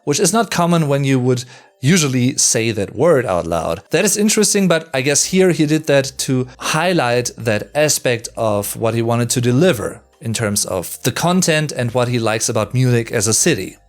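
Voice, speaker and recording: A man's voice: mid-range voice, lively intonation. German-accented man explaining language. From Sauerland, Germany. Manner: explanatory, enunciates German words slowly. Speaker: host. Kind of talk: language analysis commentary.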